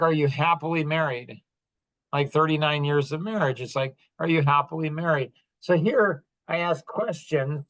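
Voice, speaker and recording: A man's voice: on the high side, fairly bright tone. Rambling middle-aged man telling a story. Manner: rambling, conversational, with many restarts and asides; earnest and apologetic. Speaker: podcast host. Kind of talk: casual storytelling monologue.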